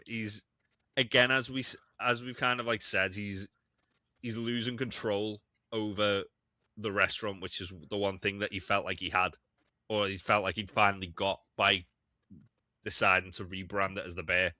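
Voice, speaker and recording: A man with a low, sharply forceful voice talks through a TV episode in casual podcast chat, swearing freely and restarting his sentences. The sound is dry and a little dull. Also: steady tone, moderate pace, dry recording. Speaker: podcast co-host.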